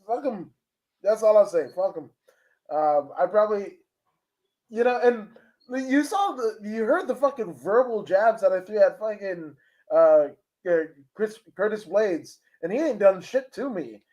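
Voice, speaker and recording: This is a high-pitched man with a Kentucky accent, holding forth on a casual fight podcast. He rants in heated bursts, swearing freely, and comes back again and again to blunt dismissals. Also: animated, a little slow, darkish tone. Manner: profane, ranting, heated. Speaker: podcast co-host. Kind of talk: casual chat.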